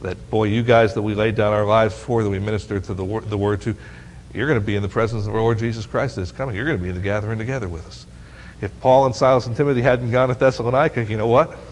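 A man preaching a sermon as pastor, animated and often asking the congregation questions. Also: fairly low pitch, fast, slight background noise. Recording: long hall reverb.

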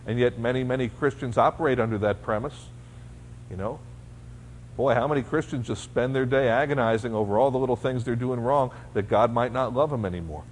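A man of ordinary pitch preaching a sermon in an easy, conversational way. He keeps asking the congregation rhetorical questions and acts out their doubts before he answers them. His voice carries a long hall reverb over a faint hum. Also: brisk.

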